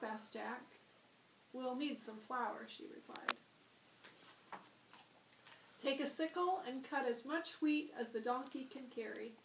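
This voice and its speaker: High-voiced woman reading a storybook aloud. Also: a little slow. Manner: expressive storybook reading, bright shouts for the boy's lines. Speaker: school librarian. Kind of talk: reading a picture book aloud to children. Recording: echoey room, voice a bit far from the mic, audible noise.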